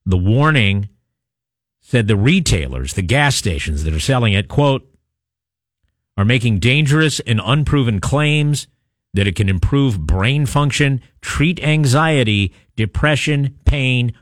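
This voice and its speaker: A talk radio host with a mid-range voice reads a news story and takes texts, adding wry, chatty asides and lots of "uh" fillers. His intonation is lively and his pace a little slow. The sound is clean studio quality with no echo, captured on a studio microphone in a radio studio.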